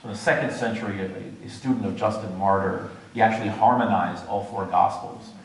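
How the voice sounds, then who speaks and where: A man's voice: fairly low pitch, fairly even intonation, fairly quick, creaky, slight background noise. A man giving a scholarly church adult education lecture, explaining words with asides and small jokes. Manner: scholarly, jokes and laughs at his own asides. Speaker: guest lecturer. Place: large church hall. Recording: very echoey hall.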